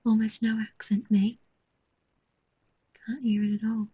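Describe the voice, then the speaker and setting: A woman with a London accent talks loosely to her live-stream chat while drawing. She jokes and swears freely in a very breathy, husky voice. The sound is dry and close, with no room echo. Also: fairly high pitch, level tone, unhurried, warm tone. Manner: joking, sweary, reads chat aloud.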